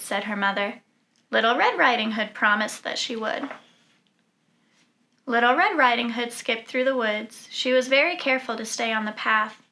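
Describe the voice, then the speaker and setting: A woman reading a children's storybook aloud in an animated, expressive way. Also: fairly high pitch, moderate pace. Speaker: storybook reader.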